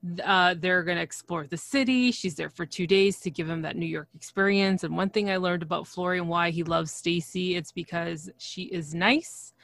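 A woman's voice: normal speed, vocal fry, few pauses, no room sound. Chatty woman recapping reality TV. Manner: chatty, laughs often, acts out quotes in high excited voices. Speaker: podcast co-host. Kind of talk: casual reality TV recap chat.

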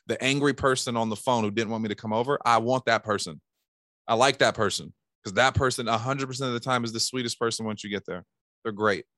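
A man's voice: medium pitch, fast talker, bright, forceful tone, no echo, clean studio sound. A man giving casual sales coaching, talking animatedly and acting out phone calls in bursts. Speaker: sales trainer.

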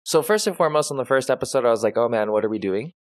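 A man co-hosting a casual podcast, giving a hesitant, halting review with many fillers. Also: mid-range voice, lively intonation. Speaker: podcast co-host. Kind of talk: casual chat.

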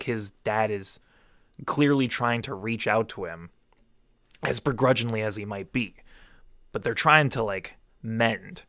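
Low-voiced man, quick and emotional. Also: fairly bright tone, no echo, studio quality. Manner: emotional, rapid bursts. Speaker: podcast co-host. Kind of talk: casual chat.

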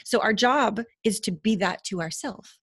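A woman guest on an interview podcast, talking in an earnest, expressive, spiritual way with sudden bursts of emphasis. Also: mid-range voice, a little slow, husky, dry recording, studio quality. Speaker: guest intimacy expert.

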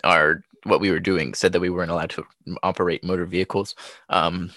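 A man's voice: low-pitched, a little fast, dry recording, clean studio sound. A young man co-hosting a podcast, telling stories in a casual chat and laughing often. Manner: laughs often, animated storytelling. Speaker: podcast co-host.

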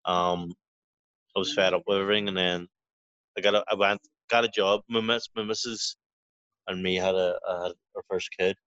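A man's voice: sits low, little pitch movement, moderate pace, a bit bright, clear, resonant tone, no echo. A man who is a professional boxer, guest in an interview, telling rambling stories with lots of swearing and restarts. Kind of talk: casual storytelling interview. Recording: dry, dull lo-fi audio.

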